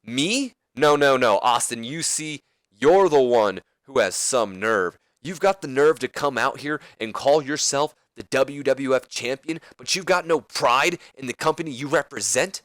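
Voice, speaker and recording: A man voicing a brash, cocky male wrestler who loudly taunts and challenges the champion in a wrestling game promo. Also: mid-range voice, lively intonation, unhurried, dry recording, clean studio sound. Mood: taunting. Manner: taunting, challenging, raised and loud.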